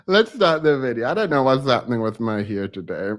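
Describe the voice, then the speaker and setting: A man hosting a live stream who tells a personal story in a rambling, animated way, full of filler words and frequent laughs. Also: mid-range voice, normal speed. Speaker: host of a live reaction stream. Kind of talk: casual storytelling chat.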